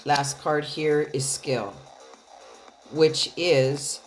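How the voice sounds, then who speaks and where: A woman's voice: sits low, steady tone, extremely slow, soft background music. A woman giving a casual tarot reading straight to her viewers, chatty and loose, swearing now and then and laughing often. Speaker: tarot card reader.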